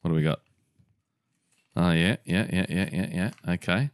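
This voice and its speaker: A man's voice: deep voice, moderate pace, clear, resonant tone, dry recording. A man co-hosting a podcast, joking and teasing in casual banter. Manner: joking, swears freely, teasing. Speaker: podcast co-host.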